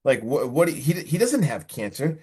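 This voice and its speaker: A man's voice: medium pitch, very animated, moderate pace, darkish tone, breathy edge. A man voicing a frantic, worried woman on the phone, urgent and pleading as he retells a scene.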